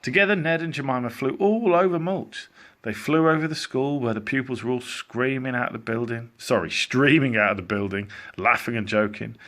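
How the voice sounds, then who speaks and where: A man reading a children's storybook aloud as a teacher, in an animated, expressive way. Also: medium pitch, a little fast.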